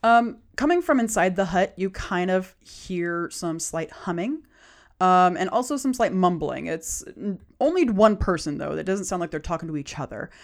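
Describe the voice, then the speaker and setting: Woman game master, low voice. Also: lively intonation. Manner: unhurried descriptive narration. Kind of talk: narrating a tabletop game.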